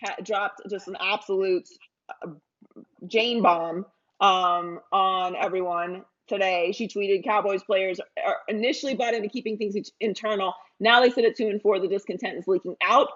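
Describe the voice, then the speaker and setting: Opinionated lady cohost chatting sports, lively, kinda muffled audio. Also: medium pitch, moderate pace. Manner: animated, opinionated. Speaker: podcast co-host. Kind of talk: casual sports talk.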